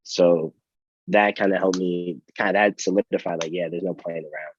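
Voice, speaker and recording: A young man, a college athlete, telling stories in a relaxed, rambling way with many fillers and restarts. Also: sits low, normal speed, breathy edge, dull audio. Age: young adult. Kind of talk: casual storytelling interview.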